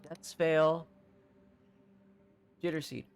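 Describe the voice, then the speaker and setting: A streamer giving casual, excitable commentary while playing a video game, often exclaiming and laughing. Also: medium pitch, extremely slow, clean tone.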